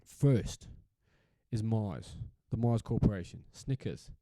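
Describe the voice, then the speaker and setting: A man's voice: fairly low pitch, takes it slowly, warm tone, dry recording. A South African man hosting a solo podcast in a casual, rambling rant, swearing freely and repeating himself for emphasis. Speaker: podcast host.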